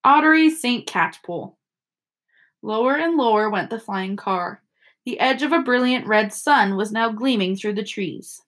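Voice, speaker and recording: A woman teacher reading a novel aloud to children, expressive and storytelling. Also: mid-range voice, normal speed. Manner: expressive storytelling with character voices.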